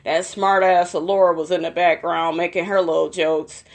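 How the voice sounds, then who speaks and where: A woman's voice: lowish voice, little pitch movement, moderate pace, creaky. A young woman in a casual vlog, gossiping and swearing as she recaps a reality TV episode for her viewers. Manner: profane, gossipy, addresses viewers as y'all.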